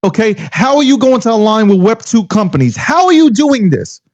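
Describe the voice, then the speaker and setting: A man's voice: high voice, big pitch swings, fairly quick. A man talking crypto in a heated, profane, casual rant, firing off emphatic rhetorical questions. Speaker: crypto commentator. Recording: dull lo-fi audio.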